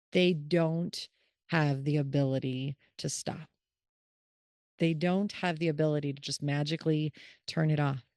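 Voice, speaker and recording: A middle-aged woman with a deep voice hosts a caregiving podcast, talking casually and solo with earnest animation while acting out the thoughts of the people she describes. The sound is clean studio audio with no room sound.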